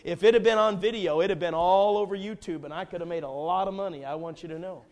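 A man preaching a sermon, telling a folksy, humorous personal story in an animated way. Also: high voice, fast.

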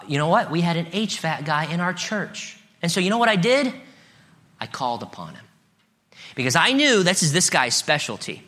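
A middle-aged man preaches a sermon in a bright, forceful voice. He moves between relaxed, conversational asides and rising, emphatic peaks. He also reads scripture aloud to the congregation. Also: a little high. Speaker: pastor.

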